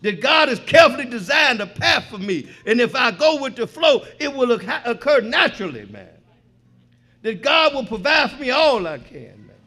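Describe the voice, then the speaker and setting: A middle-aged man giving a profane, animated personal share at a recovery meeting, swinging between loud punchlines and quiet reflection. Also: very high voice, normal speed. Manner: profane, street slang. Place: meeting hall before an audience.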